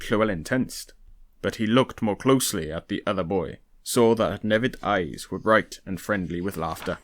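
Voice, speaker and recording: A man reading a historical novel aloud in a steady, even storytelling manner. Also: deep voice, normal speed. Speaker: audiobook reader. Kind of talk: novel read-aloud narration.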